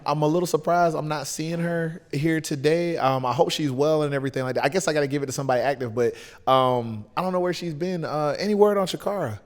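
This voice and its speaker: A man with a Southern US accent talks casually as a guest. He rambles and fills his sentences with ums and likes. Long hall reverb trails his mid-pitched voice. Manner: laid-back, rambling, with many fillers. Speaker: guest, pro wrestler. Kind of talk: casual chat.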